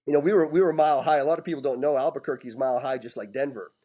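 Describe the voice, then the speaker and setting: A middle-aged man, a former hockey player, telling rowdy stories as a guest in a casual interview, animated, with frequent restarts and casual swearing. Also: medium pitch, racing, slightly rough, low-quality recording.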